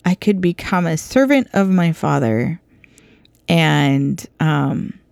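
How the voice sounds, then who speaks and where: A woman voicing a broke, remorseful young man who speaks haltingly and puts himself down. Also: fairly high pitch, vocal fry, smooth, dry recording, studio quality. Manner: halting, self-abasing.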